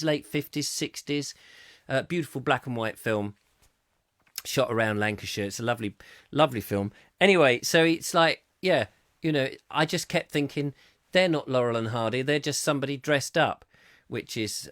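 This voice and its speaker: A man's voice: mid-range voice, a bit bright, dry recording. Man, middle-aged, chat show host, digressive storytelling, fillers and restarts, dry close sound. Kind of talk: rambling anecdotal monologue. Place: home studio, live stream.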